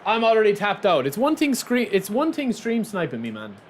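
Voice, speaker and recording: A young male streamer talks over his match in a high, bouncing voice that swings up and down. He rambles and repeats himself, teasing viewers and laughing easily, with a faint hiss of noise underneath. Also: wildly swooping pitch, fairly quick. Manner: chatty, repetitive, ends phrases with "man". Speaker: game streamer. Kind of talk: live gameplay commentary.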